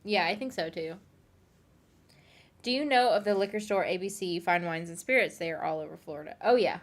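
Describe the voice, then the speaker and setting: A woman's voice: lowish voice, a little fast. A woman streaming from her home office, chatting casually and answering her chat in a rambling way.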